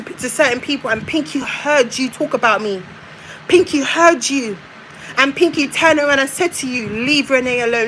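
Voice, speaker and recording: A woman's voice: fairly high pitch, fairly bright tone, a little hiss or hum, rough recording. A woman, venting to her viewers in a confrontational rant, repeating herself as she speaks directly to her mother. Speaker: vlogger.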